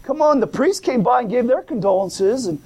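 Guy preaching a sermon, fairly high voice, reads old bible verses then breaks it down casual, says come on now a lot. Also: lively intonation, moderate pace, darkish tone, husky. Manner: reads scripture in old King James wording, then preaches in plain talk with rising fervor; colloquial, repeats and restarts, calls out "come on now" and "glory".

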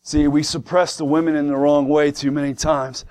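A man delivers a sermon to his congregation in church. His voice sits a little high, and he preaches emphatically, firing rhetorical questions and hammering key words again and again. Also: level tone, moderate pace, darkish tone.

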